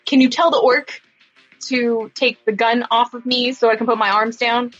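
A woman playing a tabletop game, talking playfully with a bright, high voice. The recording is a little dull, with faint music. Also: steady tone, normal speed, breathy edge. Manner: playful, laughing. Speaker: player. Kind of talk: tabletop role-play.

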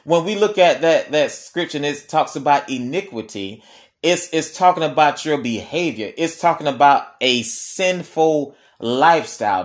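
A man preaching a sermon in a conversational way, repeating key lines slowly for emphasis. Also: fairly high pitch.

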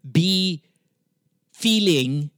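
A man with a Filipino accent hosting a podcast in casual chat, animated and swearing freely, slipping into Tagalog. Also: high voice, very slow, dry recording. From Philippines. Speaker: podcast host.

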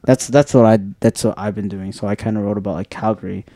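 A man's voice: lowish voice, steady tone, fast talker, warm tone, no room sound. A young man, co-hosting a podcast in an earnest, encouraging way, full of "like". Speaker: podcast co-host. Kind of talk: casual chat.

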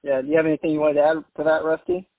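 A man conducts an interview, prompting his guests with hesitant questions that trail off. His voice is slightly high for a man. The sound is tinny and phone-like, and dry with no room around it. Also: completely flat delivery, racing, dry recording.

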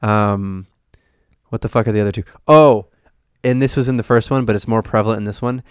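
A man's voice: lowish voice, steady tone, a little fast, clear, resonant tone, dry recording, studio quality. A man co-hosting a casual podcast, ranting and swearing a lot. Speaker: podcast co-host. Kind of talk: casual chat.

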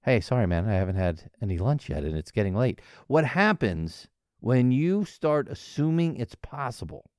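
Male podcast host, lively up-and-down delivery, jokey, dry close sound. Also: medium pitch, normal speed, clear, resonant tone, no echo. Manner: playful, jokey, animated. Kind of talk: casual solo podcast monologue.

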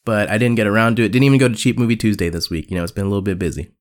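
A young man co-hosting a casual podcast, telling stories and putting on squeaky voices for the people he quotes. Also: rapid-fire. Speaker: podcast co-host. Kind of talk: casual chat.

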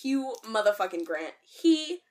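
A woman co-hosting a casual podcast chat, animated and swearing freely, with loud outbursts. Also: on the high side, measured pace. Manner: animated, swears a lot, bursts into loud outcries. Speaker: podcast co-host.

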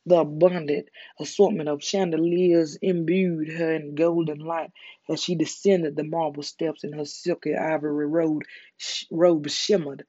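An ASMR storyteller with a Southern US accent reads a story in a calm, soothing way. The tone is mellow and close-miked, and the sound is dry. The recording is dull and lo-fi. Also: mid-range voice, slightly rough, no room sound. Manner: calm, slow, soothing reading. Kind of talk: soft ASMR story reading.

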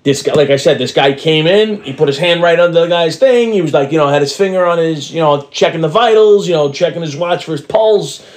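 Male podcast co-host, fairly high voice, rapid, loose and profane banter. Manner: quick, profane back-and-forth. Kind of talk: casual chat.

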